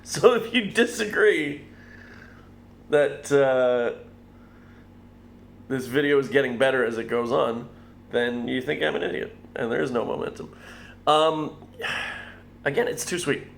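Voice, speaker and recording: A man's voice: mid-range voice, expressive, a little slow, vocal fry, pauses often, slight background noise. A man reviewing beer in a casual vlog, wry and blunt, swearing offhandedly.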